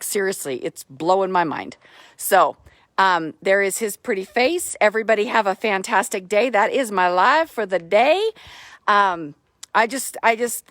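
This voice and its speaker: A woman giving a casual live video update about her horse, excitable and gushing, repeating herself, talking into a phone held close outdoors. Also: medium pitch, no echo. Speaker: horse owner vlogger.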